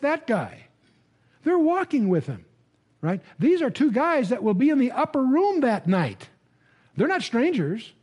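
A man gives a Bible lecture to a live audience, his voice pitched high for a man yet mellow and warm in tone. He talks conversationally, restarts phrases with repeated words and puts questions to the listeners. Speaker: Bible teacher.

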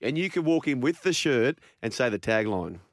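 A man's voice: medium pitch, very animated, moderate pace, dry recording, studio quality. A man with an Australian accent, co-hosting a radio show in a playful, wry way. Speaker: radio host. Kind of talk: casual radio banter.

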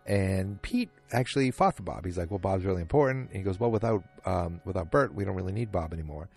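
A man hosting a podcast, recapping a TV episode in a casual, rambling way with many pauses and fillers. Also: sits low, expressive, vocal fry, a little mellow, breathy edge, soft background music. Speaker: podcast host.

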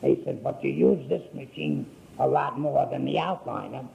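A man's voice: mid-range voice, lively intonation, gravelly, mellow, highs cut off. An older man telling his life story in a folksy, rambling way, acting out what people said. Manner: folksy, unhurried, acts out quoted speech.

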